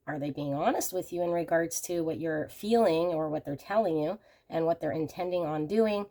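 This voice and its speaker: A woman with a low voice hosts a pick-a-card tarot reading, speaking straight to her viewers. She sounds slightly hoarse from a cold, and her way of talking is gentle and reassuring. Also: normal speed. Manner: gentle, reassuring, addresses viewers warmly as friends. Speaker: tarot reader and channel host.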